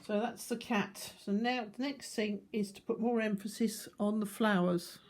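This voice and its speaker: An older woman gives a calm, explanatory watercolour demonstration, talking through each step as she paints. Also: mid-range voice, normal speed. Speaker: art teacher.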